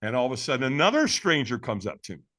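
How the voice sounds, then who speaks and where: A man guesting on a podcast, telling a personal story in a lively, dramatic way and laughing as he goes, with a casual manner. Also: mid-range voice, rapid-fire. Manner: casual, addresses the host as man and brother.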